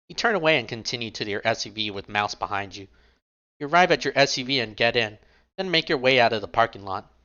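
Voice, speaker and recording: Bright-voiced male game master. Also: mid-range voice, lively intonation, quick pace, highs cut off. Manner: casual, apologetic narration. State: lightheaded, unwell. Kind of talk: narrating a tabletop role-play game.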